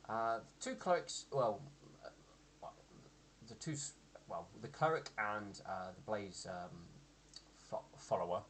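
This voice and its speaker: A man with a somewhat low voice narrates a tabletop game as its game master. He talks haltingly, with many ums and restarts. Faint noise hums under the recording. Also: expressive, fairly bright tone.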